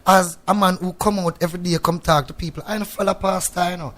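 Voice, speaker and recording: A man's voice: sits high, fairly even intonation, fast, fairly bright tone. A man with a Jamaican accent, a reggae artist giving a radio studio interview. He speaks in patois, reflective and preachy, and often checks in with "you know what I mean".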